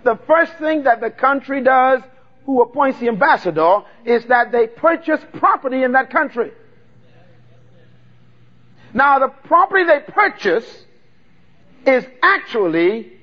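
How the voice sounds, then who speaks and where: A man's voice: extremely high pitch, highs cut off. A man preaching a sermon, drawing out key words and calling for the congregation to repeat after him. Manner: call-and-response preaching, drawn-out emphatic words. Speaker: pastor.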